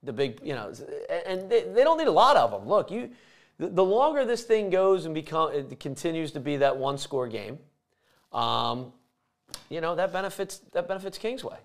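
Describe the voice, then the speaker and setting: A man's voice: a little high, sing-song, moderate pace. A man who is a football coach, co-hosting a sports talk show and giving casual analysis with easy laughs.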